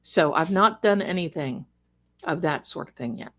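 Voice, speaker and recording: A woman's voice: low voice, expressive, moderate pace, fairly bright tone. A middle-aged woman who grew up in Germany, chatting casually and rambling as she answers viewers during a livestream. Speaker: livestream host.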